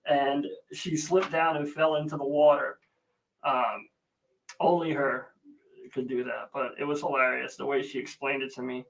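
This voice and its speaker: A man's voice: medium pitch, fairly bright tone, rough recording. Chatty man rambling through a livestream. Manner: rambling, chatty storytelling with many fillers; greets viewers by name between stories. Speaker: livestream host. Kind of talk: casual live chat.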